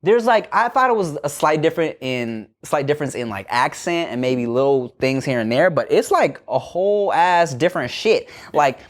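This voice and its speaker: A man's voice: on the high side, lively intonation, normal speed, hardly any pauses. A man hosting a podcast, telling stories in a laid-back, jokey way with plenty of swearing. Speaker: podcast host. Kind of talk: casual chat.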